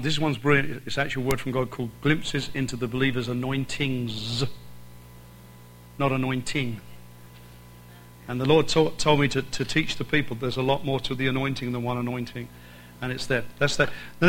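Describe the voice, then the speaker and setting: A man's voice: mid-range voice, a bit bright, poor audio. Irish man preaching with repeated emphasis. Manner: emphatic, repeats phrases for stress. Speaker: visiting preacher. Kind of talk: sermon.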